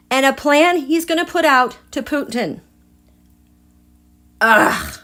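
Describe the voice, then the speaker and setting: A woman hosting a live tarot reading who talks straight to her viewers and swings between hushed asides and excited outbursts. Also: on the high side. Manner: chatty, addresses viewers directly. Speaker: tarot reader and livestream host.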